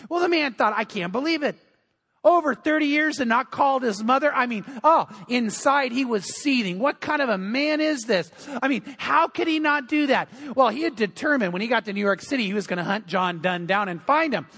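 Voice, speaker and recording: A man's voice: very high voice, lively intonation, fairly quick, few pauses, pushed and bright, husky. A man preaching a sermon as pastor in a church, telling humorous stories. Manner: humorous storytelling.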